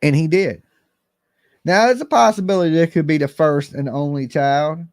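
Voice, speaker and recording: A man's voice: fairly high pitch, normal speed, a little mellow, dry recording, clean studio sound. A man hosting a live call-in commentary stream, talking bluntly and emphatically straight to his viewers. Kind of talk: casual livestream commentary.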